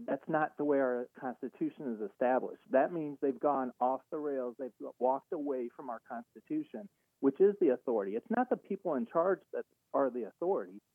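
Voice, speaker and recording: A man calling in to a talk radio show, speaking in an earnest, animated way. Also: on the high side, no echo. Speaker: caller. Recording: tinny phone line.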